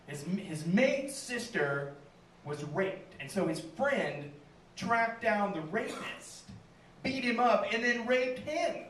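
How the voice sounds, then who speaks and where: A man's voice: sits high, lively intonation, slow pace, a bit bright, slight background noise. A man telling a stand-up story in a small venue, acting out quoted lines and laughing at his own jokes. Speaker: stand-up comedian. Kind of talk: stand-up comedy set. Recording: echoey room, mic heard from a distance.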